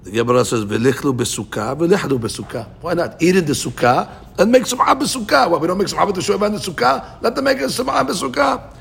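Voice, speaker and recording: Male Talmud teacher, lively and questioning, gravelly tone, slightly high pitch. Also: moderate pace. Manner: animated, questioning, mixes Hebrew and Aramaic terms. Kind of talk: Talmud class explanation.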